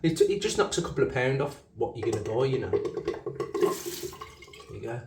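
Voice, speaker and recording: A man's voice: medium pitch, very animated, unhurried, vocal fry, echoey room, distant mic, background noise. A man with a Black Country accent, chatting casually while shaving, often correcting himself and laughing. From Black Country, England. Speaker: shaving channel host. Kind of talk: casual rambling shaving commentary.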